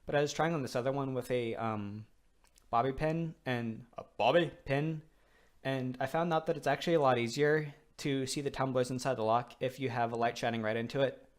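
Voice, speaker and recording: A man's voice: medium pitch, fairly even intonation, fairly quick. A young man giving casual, rambling commentary while playing a video game, swearing loosely. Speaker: let's play host.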